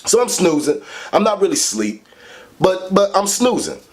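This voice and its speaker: Animated, cussing male storyteller. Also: normal speed. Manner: animated, profane, heavy swearing; big swings in pitch for emphasis. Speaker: vlogger. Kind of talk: casual storytelling.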